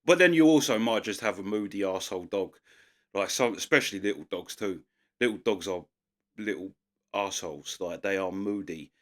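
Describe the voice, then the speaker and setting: A man's voice: sits low, fairly quick. An English man hosting a reaction video, chatting loosely and laughing as he comments.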